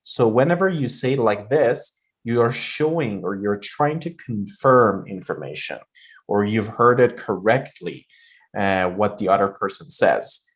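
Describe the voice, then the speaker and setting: A man teaching pronunciation in a deliberate way, repeating phrases to show how the voice rises and falls. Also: fairly low pitch, animated. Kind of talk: slow spoken lesson.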